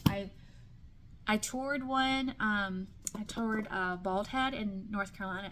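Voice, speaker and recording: A woman's voice: medium pitch, fairly bright tone, a little hiss or hum. A woman, in her thirties, chatting casually about books she bought, with many ums and restarts. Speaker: book vlogger. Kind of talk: casual chat.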